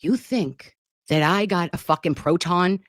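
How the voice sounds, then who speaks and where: A woman's voice: on the low side, a little slow, dry recording, studio quality. Sarcastic, mocking woman ranting. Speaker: online commentator. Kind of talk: sarcastic vlog rant.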